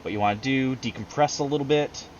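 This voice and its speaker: A man's voice: mid-range voice, fast, lo-fi sound, slight background noise. A man running a tabletop game over a video call, talking loosely with lots of fillers and laughing at himself. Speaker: game master. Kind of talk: casual tabletop game narration.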